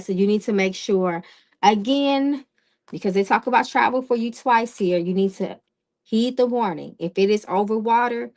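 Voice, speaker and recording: A woman hosting a live-stream tarot reading who talks in a direct, casual way. She often checks in with "okay?" and greets viewers in the chat. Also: medium pitch.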